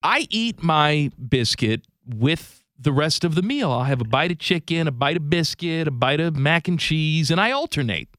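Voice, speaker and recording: A man's voice: a little high, lively intonation, moderate pace, few pauses, fairly bright tone, no echo, clean studio sound. A man co-hosting a radio talk show, teasing his partner in casual, wry chat.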